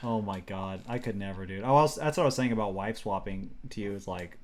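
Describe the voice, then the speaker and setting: A man's voice: on the low side, quick pace. Young man rambling through comic stories. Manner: rambling storyteller, swearing, frequent restarts and acted quotes. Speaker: podcast co-host. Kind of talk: casual comedic chat.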